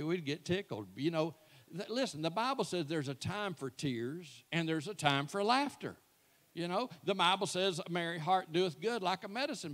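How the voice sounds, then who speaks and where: Folksy man in his sixties, bright voice. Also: fairly high pitch. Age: 60s. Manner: folksy, self-mocking, animated. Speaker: church speaker. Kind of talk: comic storytelling to a live audience. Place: church.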